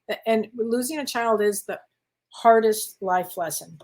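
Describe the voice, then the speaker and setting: A woman's voice: mid-range voice, measured pace, a little mellow. A woman working as a spiritual medium, giving card readings in casual, affectionate chat and calling listeners honey.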